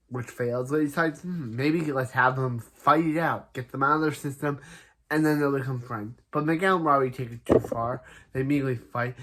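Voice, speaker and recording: A man's voice: mid-range voice, fairly bright tone. A man casually recapping a TV episode, rambling and restarting sentences, paraphrasing each character with "he's like". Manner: laughs at a character's name.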